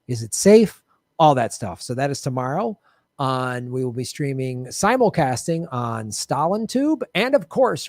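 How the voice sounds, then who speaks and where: A man's voice: a little high, dry recording, studio quality. A male livestream host in casual sign-off chat, loose and chatty, laughing often and thanking viewers by name.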